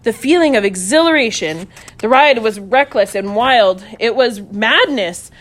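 Woman storyteller, fairly high voice, reads a children's tale with playful, animated sound effects. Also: measured pace.

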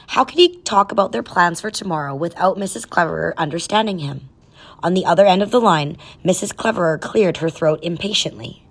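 A woman reading a children's storybook aloud in a soft, even storytelling way. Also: on the low side, a little fast, slightly rough. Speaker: narrator.

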